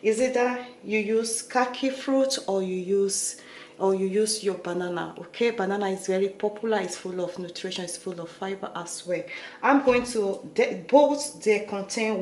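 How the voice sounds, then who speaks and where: A woman's voice: mid-range voice, moderate pace, darkish tone. Chatty Nigerian woman in echoey room. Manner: chatty, repeats "okay?" and "guys". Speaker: beauty vlogger. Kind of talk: casual talk to camera. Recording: echoey room with faint noise.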